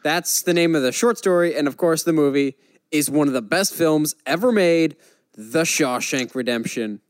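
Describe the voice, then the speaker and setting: Animated man hosting a casual chat. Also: a little high, smooth, dry recording. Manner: animated, joking, quick asides. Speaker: podcast co-host.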